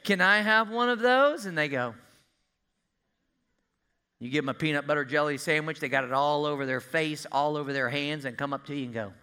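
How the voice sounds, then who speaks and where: Preacher guy, folksy, keeps asking the crowd stuff, bright voice. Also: fairly high pitch, fairly quick, pauses often, clean tone. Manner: animated, folksy, asks the congregation questions. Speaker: pastor. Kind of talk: sermon.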